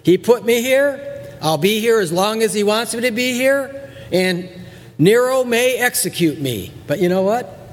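Male pastor, high voice, lively sermon delivery in a reverberant hall, playful asides. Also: a little slow. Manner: animated preacher, acts out voices, repeats words for emphasis.

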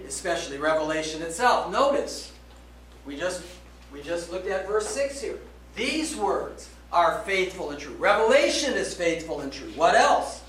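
A man preaching a sermon, emphatic, slowing down to stress key words and checking in with "okay?". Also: sits high, a bit bright, a little hiss or hum. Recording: roomy echo, voice from a distance, faint background ambience.

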